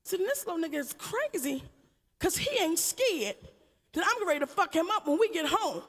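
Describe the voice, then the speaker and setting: A woman from Baltimore doing stand-up comedy storytelling, profane and animated with bursts of shouting. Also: very high-pitched, moderate pace. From Baltimore, USA. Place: large theater stage. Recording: live stage with long hall reverb.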